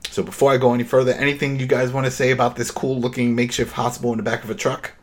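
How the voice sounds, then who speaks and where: A man hosting a casual talk show, retelling a TV episode in an animated way. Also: mid-range voice, rapid-fire. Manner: animated retelling, acts out quotes. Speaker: host.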